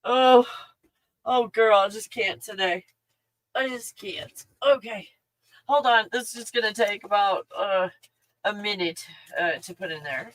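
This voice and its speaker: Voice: medium pitch, a little slow, fairly bright tone, no room sound, rough recording. Chatty rambling livestream host at home. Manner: chatty, scattered, laughs often, talks to a puppy. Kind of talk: casual rambling livestream chat.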